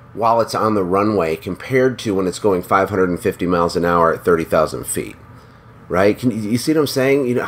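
A man hosting a business podcast, giving an energetic motivational pep talk that repeats words for emphasis. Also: on the low side. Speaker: podcast host. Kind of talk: motivational monologue.

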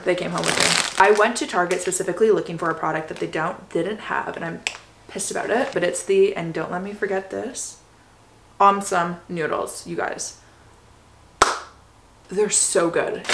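A young Canadian woman in her twenties, chatting excitedly to her viewers as she shows off her shopping haul. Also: on the low side, fairly quick, creaky, noisy background. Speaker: vlogger. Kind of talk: casual haul vlog.

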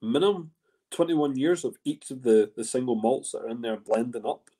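A man's voice: medium pitch, moderate pace, mellow, husky. A man hosting a whisky tasting in a casual, rambling way, full of restarts and fillers. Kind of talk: casual spoken presentation.

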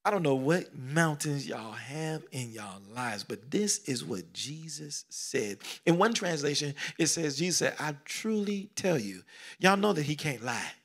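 A middle-aged man preaching a sermon, swinging between loud exclamations and hushed whispers, repeating phrases and calling out questions to the congregation. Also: on the high side, sing-song, unhurried. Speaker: pastor.

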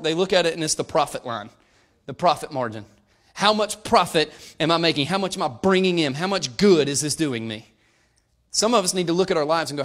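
A man's voice: high-pitched, a bit bright. A man preaching a sermon as pastor, emphatic and fervent, often calling out to the congregation.

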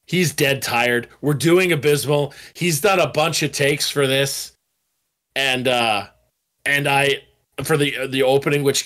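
A man, a band guitarist, telling studio stories in a casual interview, swearing freely and acting out quotes. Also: medium pitch. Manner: animated, swearing storyteller who acts out quotes.

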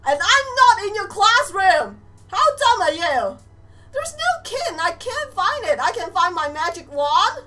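A young woman giving animated let's play commentary, exclaiming and teasing the game characters as she plays. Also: very high-pitched, unhurried. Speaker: gamer.

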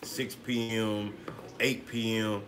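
A man's voice: lowish voice, level tone, slow pace, a bit bright. A man bantering in a laid-back, joking way in a home kitchen beside his partner, who hosts the video. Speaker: host's partner. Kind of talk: casual banter. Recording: noisy home recording.

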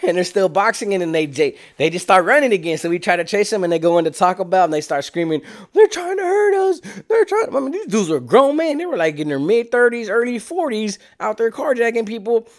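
A young man casually telling a street story, slangy and animated. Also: quick pace, few pauses. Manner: slangy, animated, acts out quotes in lower voice.

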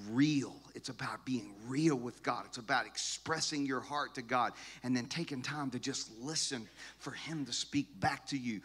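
A man's voice: medium pitch, a bit bright. A middle-aged male pastor giving a conversational sermon that builds in intensity through repeated phrases.

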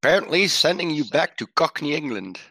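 A man's voice: high voice, slow pace, fairly bright tone, no room sound, voice pushed up. A man voicing a tough, contemptuous young gunslinger woman in a put-on hick drawl during a tabletop game. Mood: cocky.

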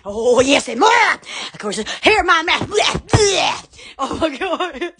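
A woman with a drawl hosts a phone livestream, her voice extremely high and swooping wildly with every squeal. She talks slowly and exclaims constantly between bursts of laughter. Her tone is bright and sharp. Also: big pitch swings. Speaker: livestream host. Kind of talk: excited livestream chatter.

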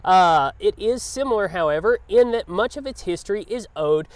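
High-voiced man giving an outdoor town tour. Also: expressive, normal speed, dry recording. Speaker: real estate vlog host. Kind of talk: scripted tour narration.

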